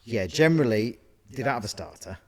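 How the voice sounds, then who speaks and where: A man's voice: medium pitch, animated, fairly quick, vocal fry, a little mellow. A man co-hosting a casual podcast as a caterer, explaining things in detail with asides and self-corrections. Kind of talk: casual chat.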